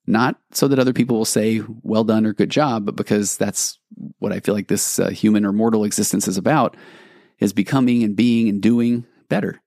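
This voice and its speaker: A male podcast host with a fairly low voice tells a personal story in a reflective way. He wanders and restarts his sentences as he goes. The sound is dry and close, with no room echo. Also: fairly quick, darkish tone. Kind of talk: storytelling monologue.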